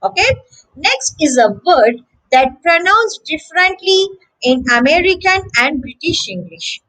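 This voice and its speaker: A woman teaching English pronunciation, saying each word slowly and several times with clear syllable stress. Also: very high voice, big pitch swings, sharp tone, rough recording. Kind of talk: slow, careful pronunciation lesson.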